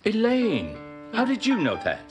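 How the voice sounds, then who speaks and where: A man's voice: sits high, unhurried, full character voice. An actor playing a fussy, stern older male boss with a prim, pompous manner in a sitcom. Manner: pompous, prim, squeals when excited. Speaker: wealthy boss. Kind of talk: sitcom acting. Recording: music and laugh track behind.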